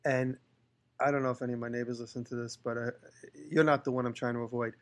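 A woodworker hosting a casual podcast talks fast in a mid-range voice with little pitch movement. He tells long, rambling anecdotes about his workshop, doing voices for the people he quotes.

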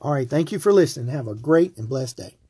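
Husky, earnest Bible teacher man. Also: mid-range voice, expressive, fast talker, dark tone. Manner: earnest, rambling, repeats words and restarts. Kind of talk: closing of a recorded Bible lesson.

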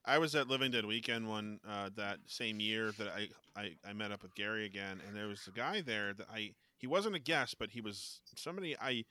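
A man with a bright, edgy voice co-hosts a relaxed podcast chat. He tells stories with a lot of animation and slips into quick impressions of the people in them. His delivery is loose and casual, with plenty of swearing, and the sound is close and dry. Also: fairly low pitch, no room sound. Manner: animated anecdotes, mimics other people's voices. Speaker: podcast co-host.

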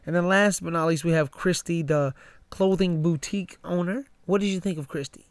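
A man co-hosts a podcast in an easygoing, agreeable way, often restarting with repeated words. His voice sits a little high, and the recording is close and dry. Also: steady tone, a little fast, no room sound. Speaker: podcast co-host. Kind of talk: casual chat.

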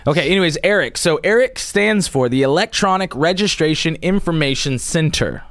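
A man hosts a casual political commentary show, presenting a topic in a fairly high, bright, animated voice at a brisk pace. He rambles, restarts often, and chuckles frequently. The sound is clean studio audio with no echo.

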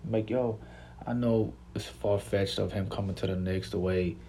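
A man's voice: lowish voice, fairly even intonation, normal speed, mellow, slight background noise. A man hosting a casual sports podcast, laid-back and slangy, often repeating himself. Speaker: podcast host.

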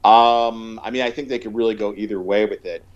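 A man's voice: fairly low pitch, steady tone, fairly quick. A man chatting casually about a movie, rambling with lots of fillers and restarts. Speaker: podcast co-host. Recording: dull lo-fi sound.

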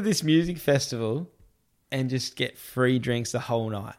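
A man chatting loosely on a podcast with a mid-pitched, everyday voice. He tells a rambling story, laughs as he goes, and jumps up in pitch to act out what others said. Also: unhurried. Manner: animated, quotes others in a raised voice with many "I'm like" asides; laughs often while telling the story. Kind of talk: casual anecdote telling.

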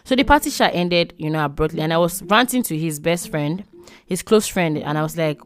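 Animated Nigerian woman telling a story. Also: sits low, fairly quick. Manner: animated, emotional storytelling with frequent laughs and exclamations. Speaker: podcast host. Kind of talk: storytelling podcast monologue.

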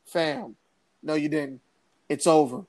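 A woman co-hosting a casual political podcast, talking in an animated, sarcastic way, with laughs and mocking impressions. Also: low-pitched, slow pace. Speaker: podcast co-host.

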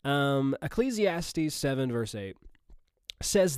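A man's voice: medium pitch, normal speed, a little mellow, no echo, clean studio sound. Folksy Missouri-accented man preaching. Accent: Southern US, Missouri. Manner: folksy and earnest, with frequent fillers and restarts. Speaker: podcast host and preacher. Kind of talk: casual podcast sermon.

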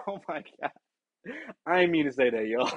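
A man hosting a podcast, telling a casual story in an animated, profane way and acting out the people in it. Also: fairly high pitch, a little slow, dry recording, highs cut off. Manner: animated, profane, acts out quoted exchanges. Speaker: podcast host.

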